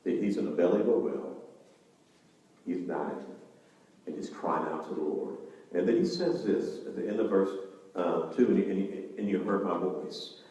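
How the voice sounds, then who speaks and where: A man preaching a sermon as pastor, animated and acting out the voices of the story. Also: low-pitched, normal speed, heavy reverb, in a large hall, distant mic, poor audio. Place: church sanctuary.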